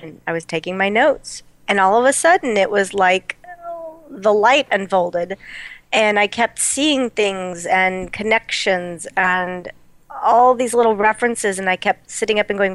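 Woman co-host, mid pitch, eager chatty storyteller, dry mic. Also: lively intonation, moderate pace, a bit bright, dry recording. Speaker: podcast co-host. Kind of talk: casual podcast chat.

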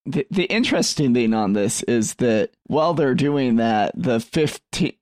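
Man, mid-pitched voice, wry quips, casual podcast chat, dry sound. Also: lively intonation, unhurried, a little mellow, no room sound. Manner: wry, joking asides. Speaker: podcast co-host.

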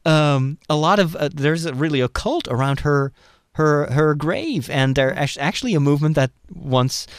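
This podcast host's voice sits on the high side, recorded dry at studio quality. Talking casually about movies, he gets enthusiastic and thinks out loud, restarting often.

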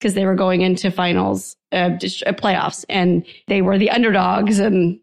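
A woman's voice: medium pitch, flat delivery, normal speed, gravelly. A middle-aged woman talking casually as a panelist, chatty and enthusiastic as she tells a story. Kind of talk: casual chat.

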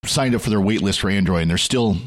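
A man co-hosts a casual podcast, talking in an earnest, ranting way. His voice sits low for a man. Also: fast talker. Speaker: podcast co-host. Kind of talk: casual chat.

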